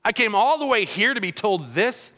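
A man's voice: medium pitch, lively intonation, brisk, fairly bright tone, clear, resonant tone, long reverb tail, voice pushed down, lightly acted. A man voicing a proud foreign army commander who is angry and scoffing. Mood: indignant. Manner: indignant, scoffing.

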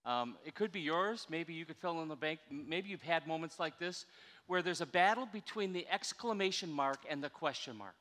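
An older man preaching a sermon in a church, chatty and animated, coaxing his congregation to answer back. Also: a little high, normal speed. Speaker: pastor. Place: church sanctuary. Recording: reverberant church hall.

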